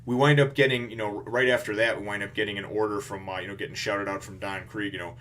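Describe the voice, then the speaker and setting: A man's voice: on the low side, steady tone, fast talker, fairly bright tone. A man reviewing a comic chapter in casual, rambling commentary, full of restarts and "you know".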